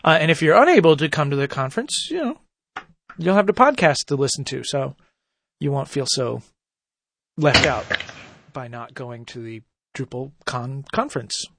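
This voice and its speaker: A man's voice: mid-range voice, lively intonation, normal speed, noisy background. A man hosting a casual podcast, talking loosely with lots of fillers and restarts. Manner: rambling, many fillers and restarts. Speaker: podcast host.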